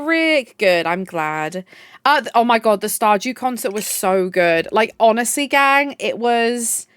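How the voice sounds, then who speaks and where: A woman's voice: fairly high pitch, fairly bright tone, smooth, dry recording, studio quality. A young woman live streamer chatting casually with her viewers, bubbly and gushing, swearing freely. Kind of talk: casual chat.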